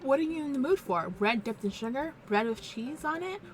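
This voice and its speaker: A woman's voice: high voice, animated, brisk, faint music behind, pitched above the performer's own voice. A woman voicing an awkward, well-meaning dad who speaks earnestly and cracks jokes. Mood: playful.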